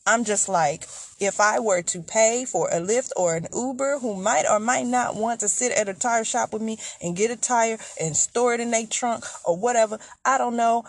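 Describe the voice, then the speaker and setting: A middle-aged woman hosts her podcast, telling a story in a chatty, exasperated way and speaking straight to her listeners. Her voice is husky and sits a bit high. The recording is close and dry. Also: normal speed, no echo. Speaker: podcast host. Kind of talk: casual storytelling monologue.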